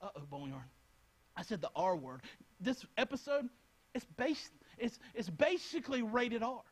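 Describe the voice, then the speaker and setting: A man's voice: extremely high pitch, very animated, normal speed, low-quality recording. A young man preaching a Bible lesson, speaking earnestly and repeating phrases as he addresses his listeners directly. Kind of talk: Bible teaching talk.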